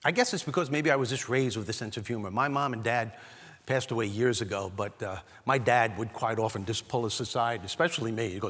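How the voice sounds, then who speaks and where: A man from Brooklyn, giving a comedic motivational keynote with animated, punchy storytelling. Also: medium pitch, quick pace, in a large hall. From Brooklyn, New York. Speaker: keynote speaker. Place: large hall, on stage.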